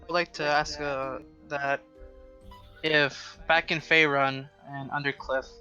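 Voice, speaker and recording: A man's voice: a little high, flat delivery, slow pace, bright, forceful tone, highs cut off, soft background music. A man playing a tabletop game, rambling with many likes and you-knows. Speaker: player. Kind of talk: casual tabletop play.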